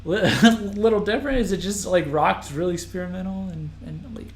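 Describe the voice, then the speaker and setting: A man's voice: high-pitched, fairly even intonation, brisk, reverberant. A man hosting a live stream, reacting to an album as it plays, rambling and restarting his sentences. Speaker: podcast host.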